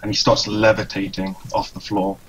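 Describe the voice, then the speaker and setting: A man playing a tabletop game, casually narrating his character's actions in halting third person. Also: on the low side, completely flat delivery, background noise. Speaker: player.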